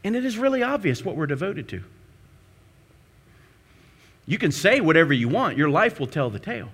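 Male pastor, high bright voice, emphatic sermon delivery with rhetorical questions. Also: sing-song, moderate pace, breathy edge.

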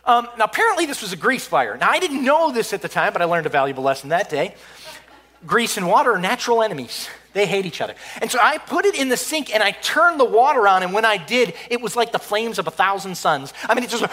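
A man telling a funny personal story in an animated, excitable way, often stumbling and restarting. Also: very high voice, fast talker.

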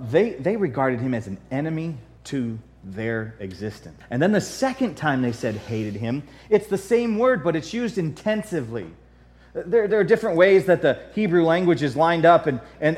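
Animated male pastor preaching a sermon. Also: on the high side. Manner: animated, swings from soft asides to loud emphatic repetition; folksy humor, reads King James scripture aloud.

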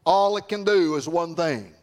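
A man preaching an evening sermon to a congregation in a folksy, emphatic way, repeating phrases and rising to shouts. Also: fairly high pitch, normal speed. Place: church service before a congregation.

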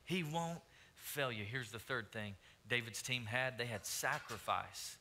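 Bright-voiced pastor preaching. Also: male voice, medium pitch, measured pace. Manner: preaching, rising to loud emphatic calls; repeats and restarts phrases, asks the crowd questions. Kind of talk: sermon.

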